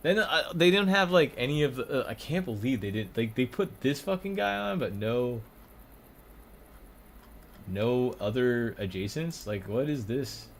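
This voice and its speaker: A man's voice: medium pitch, lively intonation, unhurried, a little hiss or hum. A young man casually commenting on a stream, rambling, swearing and often breaking into laughter. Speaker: streamer ranking comedians.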